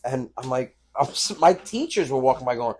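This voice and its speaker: A man, a comedian guest in a casual interview, telling animated stories and acting out his family's voices. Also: mid-range voice, moderate pace. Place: comedy club.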